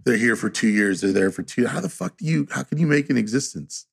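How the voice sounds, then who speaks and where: A man's voice: expressive, fairly quick, vocal fry, slightly rough. A man, a tattoo artist guest, chatting profanely on a podcast and telling stories. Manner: profane, storytelling, imitates others in a low voice. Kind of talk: casual podcast chat.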